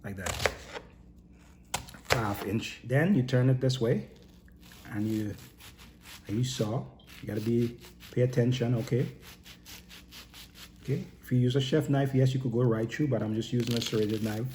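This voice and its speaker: A man's voice: medium pitch, fairly even intonation, a little slow, long pauses, a little mellow, slight background noise. A man casually teaching a home cooking lesson, chatty and instructive, often checking in with "okay?" and "right?".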